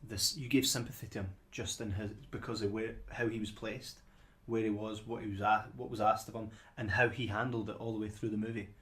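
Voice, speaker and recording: A man's voice: fairly low pitch, little pitch movement, a little fast, few pauses, a bit bright. A man co-hosting a podcast in casual chat, often repeating words as he starts a sentence. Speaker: podcast co-host.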